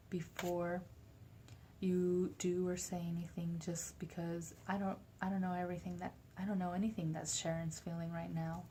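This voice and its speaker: A young woman addresses a class in an earnest, gentle manner. Her voice sits low and mellow, with little rise and fall. Faint background noise is heard behind her. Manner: gentle and earnest, with some breathy soft stretches. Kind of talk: classroom talk.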